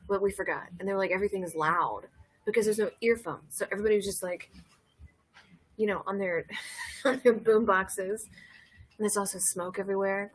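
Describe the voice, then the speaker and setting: Breathy woman, thirties, loose chatty livestream host, giggly storyteller. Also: medium pitch. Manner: rambling, laughing storyteller reading chat. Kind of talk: casual drinking livestream chat.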